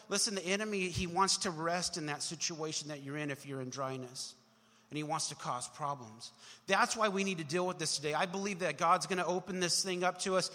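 A man with a high, bright voice preaching to his church in a loose, conversational way, cracking jokes and slipping into quick character voices. His words ring out with a long hall reverb behind them. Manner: conversational and joking, acts out little voices. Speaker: pastor. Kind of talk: sermon. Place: church sanctuary.

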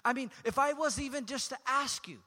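A man's voice: very high voice, a little fast, bright, forceful tone. A man preaching a sermon as pastor, talking conversationally and joking with his congregation. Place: church sanctuary. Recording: long hall reverb.

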